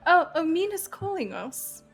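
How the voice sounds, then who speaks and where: A woman's voice: extremely high pitch, big pitch swings, a little slow, soft background music. A woman player in a tabletop game, playful and chatty. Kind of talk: tabletop role-play.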